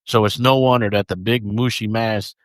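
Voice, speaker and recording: A man's voice: lowish voice, steady tone, moderate pace, no echo. A man co-hosting a podcast, chatting casually and reading notes aloud, stumbling over names. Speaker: podcast co-host.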